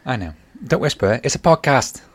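A man's voice: mid-range voice, big pitch swings, moderate pace, husky. A middle-aged father, hosting a casual family podcast and telling stories in a rambling, self-correcting way.

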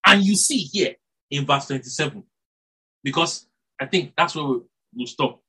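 A man's voice: a little high, normal speed, slightly rough, low-quality recording. A man preaching a sermon, rising and dropping his voice for emphasis and correcting himself as he goes. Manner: animated, rises and drops for emphasis, self-corrects, chuckles.

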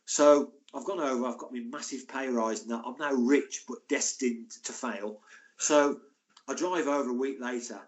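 Older male guest, lively yarn-spinner, chatty asides. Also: medium pitch, normal speed. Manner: lively, acts out the voices in his stories; chatty, frequent asides like "mate" and "and that". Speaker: podcast guest, former footballer and physio. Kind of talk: anecdotal storytelling.

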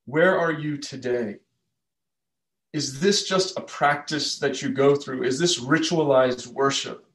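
A man's voice: medium pitch, takes it slowly, echoey room. A man preaching a sermon, telling a story in an earnest, conversational way. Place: church.

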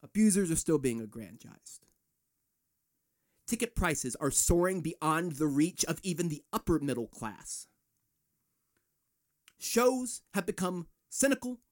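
Fired-up, profane male podcast host. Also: on the high side. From United States. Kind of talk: ranting solo podcast.

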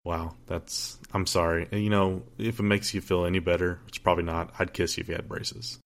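A man's voice: deep voice, flat delivery, brisk. A young man co-hosting a podcast, telling a story in casual chat, joking and rambling with lots of fillers and restarts. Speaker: podcast co-host.

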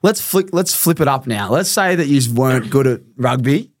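A man's voice: medium pitch, lively intonation, moderate pace, dry recording, studio quality. An Australian man hosting a casual sports chat, asking playful questions and laughing easily. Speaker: podcast host.

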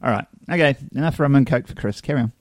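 A man's voice: mid-range voice, fast talker, dry recording. A New Zealand man co-hosting a podcast, telling stories in casual chat and acting out the quotes. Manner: animated storyteller acting out quotes. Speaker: podcast co-host.

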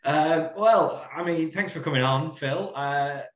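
A man's voice: a little high, a little slow. A man hosting a podcast who chats in an easygoing way and thanks his guest. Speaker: podcast host. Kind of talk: casual chat. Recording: roomy echo.

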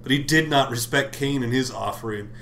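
A man's voice: medium pitch, brisk, vocal fry, fairly bright tone, slight background noise. A man hosting a podcast, reading scripture aloud with irreverent comic commentary, swearing and laughing between lines. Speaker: podcast host. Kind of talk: comedic Bible reading with commentary.

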